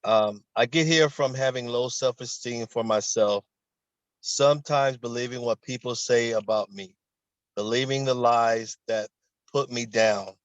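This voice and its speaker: In a coaching session, a man with a mid-range voice speaks unhurriedly and hesitantly, using fillers, then reads aloud notes he wrote himself. The audio is dull, dry lo-fi call sound with no echo.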